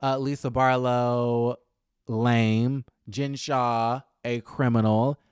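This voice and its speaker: A man's voice: mid-range voice, flat delivery, slow pace, darkish tone, clear, resonant tone, no room sound, studio quality. A man hosting a gossip vlog, giving sassy, dramatic commentary on reality TV with playful asides. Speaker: celebrity gossip vlogger.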